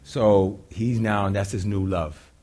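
An older man preaching a sermon in a church, telling a folksy story with animated delivery and frequent laughter. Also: fairly low pitch, measured pace.

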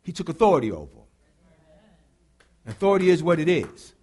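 A pastor preaching with call-and-response, animated and bursting into shouts. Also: male voice, on the high side, brisk, slightly rough. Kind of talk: sermon.

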